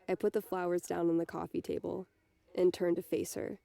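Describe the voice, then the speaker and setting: A woman reading a novel aloud in the first person, softly voicing the dialogue as she goes. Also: on the low side, flat delivery, fairly quick, gravelly, no room sound. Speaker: reader.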